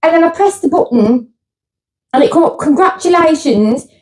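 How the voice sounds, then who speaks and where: A woman's voice: very high-pitched, animated, brisk, warm tone, rough recording. A middle-aged woman, co-hosting a podcast and gushing through a story in casual chat. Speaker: podcast co-host.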